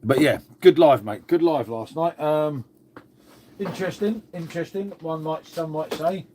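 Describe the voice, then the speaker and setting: A man's voice: a little high, a little slow, warm tone, slight background noise. Rambling man chatting on a live stream. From England. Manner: rambling, repeats "mate" and "shall we say". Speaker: livestream host. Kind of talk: casual live stream chat. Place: at home indoors.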